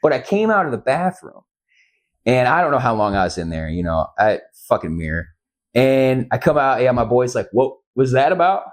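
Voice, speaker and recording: A man's voice: medium pitch, sing-song, moderate pace. A man from Central Illinois, a guest musician, telling a story in a casual podcast interview, rambling and swearing often. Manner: rambling and profane, often asks "you know what I mean".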